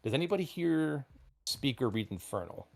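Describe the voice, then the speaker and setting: A man narrating a tabletop role-playing game as game master, describing scenes in a halting, rambling way with many fillers. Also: mid-range voice, very animated, gravelly.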